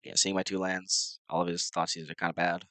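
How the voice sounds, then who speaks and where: A man's voice: deep voice, level tone, brisk, sharp tone, no room sound, rough recording. A man who is a little sick and sounds nasal, rambling casually and unsurely with lots of fillers as he commentates his own card game matches at his computer.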